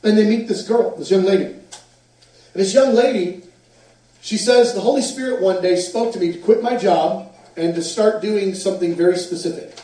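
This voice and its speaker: A man with a fairly high voice preaches with animated storytelling. He is picked up from a distance in a very echoey hall. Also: moderate pace. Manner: animated storyteller, acts out quotes. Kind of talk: sermon storytelling.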